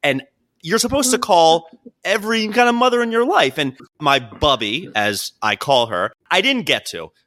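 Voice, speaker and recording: A young man co-hosting a podcast, telling animated stories in casual chat and acting out the quotes. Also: fairly high pitch, moderate pace. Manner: animated storyteller, acts out quotes. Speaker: podcast co-host.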